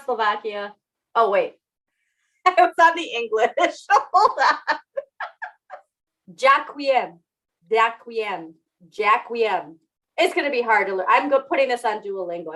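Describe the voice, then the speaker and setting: Bright-voiced chatty woman podcast host. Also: medium pitch, animated, normal speed, low-quality recording. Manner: chatty, laughs often, self-teasing. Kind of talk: casual chat.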